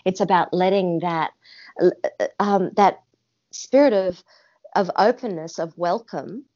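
A woman's voice: fairly low pitch, measured pace, dark tone, muffled recording. A woman from Australia, the artistic director of a theatre company, answering interview questions with passion and many restarts. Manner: passionate, emphatic, with frequent restarts.

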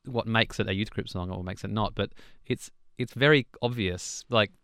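A man's voice: lowish voice, moderate pace, a bit bright, smooth, dry recording, clean studio sound. A young man, a songwriter, chatting loosely in an interview with restarts and small laughs. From Australia. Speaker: songwriter guest. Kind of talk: relaxed interview chat.

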